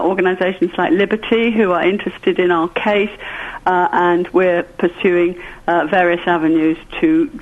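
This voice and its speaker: A woman phones in to talk about her local campaign. She is earnest and determined and often stops to find her words. Her voice comes over a thin, phone-like line. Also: medium pitch. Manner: earnest and determined, with many hesitations. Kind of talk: phone interview.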